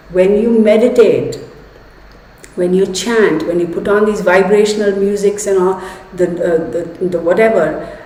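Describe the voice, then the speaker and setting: A woman's voice: medium pitch, a little mellow. A woman hosting a tarot live stream, rambling through a personal story and talking straight to her viewers. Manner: chatty, rambling, addresses viewers as "y'all". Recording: echoey room.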